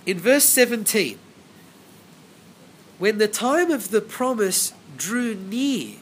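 A man's voice: high-pitched, sing-song, slow pace, a bit bright, slight background noise. A man preaching a Bible sermon, emphatic, repeating phrases and asking rhetorical questions.

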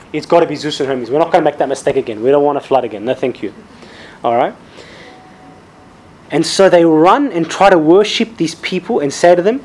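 Male preacher, fairly high voice, lively storyteller who acts out the quotes and keeps asking "okay?", faint hiss behind him. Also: rough recording. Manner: storytelling, acts out quotes, frequent "all right?" and "okay?" checks. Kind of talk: sermon.

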